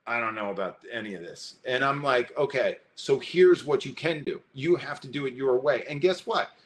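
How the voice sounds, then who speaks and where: Upbeat male workshop presenter, animated, fairly high voice, solo at a computer mic. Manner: high-energy, animated, talks straight to the audience. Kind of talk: energetic online workshop talk. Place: indoors, alone in front of a computer. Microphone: webcam or computer mic, alone talking to a screen.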